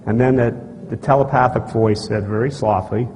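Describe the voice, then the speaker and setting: A man giving a live conference talk, telling a personal story in a blunt, folksy way, acting out dialogue and often clearing his throat. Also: mid-range voice, normal speed, few pauses. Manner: animated storyteller who acts out dialogue and gestures; blunt and folksy, with frequent asides to the audience. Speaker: speaker at a conference. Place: stage in a large conference hall. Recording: archival talk, echoey hall, faint noise.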